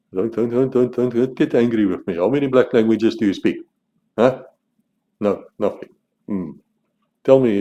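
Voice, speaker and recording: Speaking straight to camera, this South African man hosts his channel with blunt opinions, often restarting sentences and repeating words to press his argument. The recording is muffled, and his voice has a fairly low pitch and dark tone.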